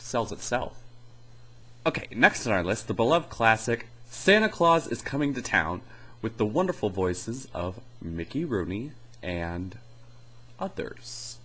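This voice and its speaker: A man's voice: lowish voice, fairly bright tone, slight background noise, poor audio. A young man giving a rambling, sarcastic comedy review in casual chat. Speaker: video reviewer.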